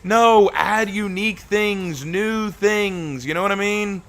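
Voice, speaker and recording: Male streamer for a heated live-stream rant: sarcastic, exasperated, fairly high and sharp-edged. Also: slow pace. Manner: exasperated, sarcastic, repeats points with rising heat. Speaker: game streamer.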